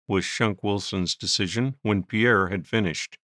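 A man narrating a story in a measured storytelling manner. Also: lowish voice, bright, forceful tone, dry recording, clean studio sound. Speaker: audiobook narrator. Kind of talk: scripted narration.

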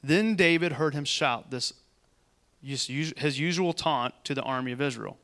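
A man preaching a sermon, reading scripture aloud and breaking off into quick, conversational asides. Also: mid-range voice, fairly bright tone. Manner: conversational, quick asides between read passages.

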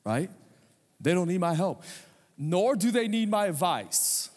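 A man's voice: sits high, very animated, measured pace, a little mellow, in a large hall. A man preaching a sermon as pastor, telling a humorous story with conversational asides.

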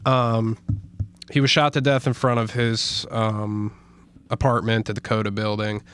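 A man's voice: lowish voice, level tone, unhurried, a bit bright, clean tone. A man co-hosting a casual podcast, reading stories aloud with stumbles and frequent laughter. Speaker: podcast co-host.

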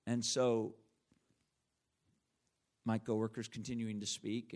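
A man's voice: lowish voice, little pitch movement, slow pace, a little mellow. A middle-aged man preaching a sermon in an earnest, conversational way.

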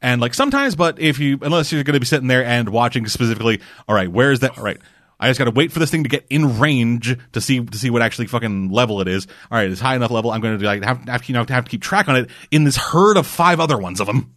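Podcast co-host, male, rapid rambling delivery, dry close sound, swears casually. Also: medium pitch, expressive, fairly bright tone, dry recording. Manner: rambling, swears freely, many restarts and fillers. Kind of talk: casual gaming chat.

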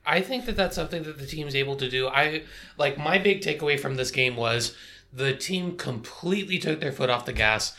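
A man co-hosting a sports podcast, giving quick, analytical breakdowns and reading off stats. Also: a little high, bright, forceful tone. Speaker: podcast co-host.

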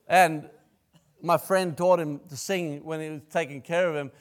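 A man with a slightly high voice delivers a sermon. He talks in a loose, rambling way, restarting his sentences and breaking into bursts of praise. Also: fairly even intonation, moderate pace. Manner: rambling, self-interrupting with restarts and praise outbursts. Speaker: pastor.

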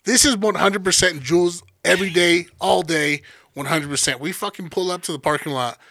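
Profane, teasing man with a bright voice. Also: high-pitched, brisk, gravelly, no echo. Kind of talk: casual chat, comic storytelling.

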